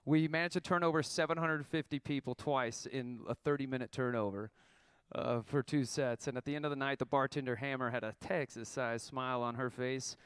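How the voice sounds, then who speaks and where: A man's voice: medium pitch, fairly even intonation, brisk, clear, resonant tone, dry recording. A man in his thirties telling a wry, profane story about his band's tour, reading a prepared account to an audience. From Oklahoma.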